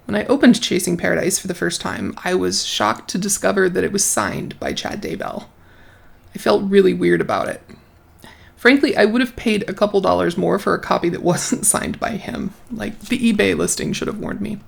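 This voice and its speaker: A woman hosting a book review channel, her voice gravelly and hoarse from a lingering bronchitis. She talks in a wry, dryly sarcastic way at a mid pitch, with plenty of fry. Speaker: host.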